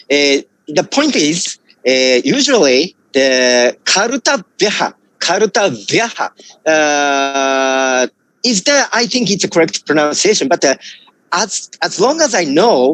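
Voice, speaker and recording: A man's voice: a little high, very animated, slow, a bit bright, no echo. A man from India, a student monk asking a hesitant question in an online class, often repeating words. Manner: hesitant, repeating words, frequent 'eh' fillers.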